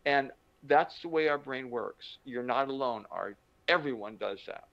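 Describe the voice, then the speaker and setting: Older male motivational speaker, gravelly, animated storyteller; muffled lo-fi audio. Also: mid-range voice, a little slow. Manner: animated storyteller, acts out quotes. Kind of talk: conversational teaching with anecdotes. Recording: dull lo-fi recording.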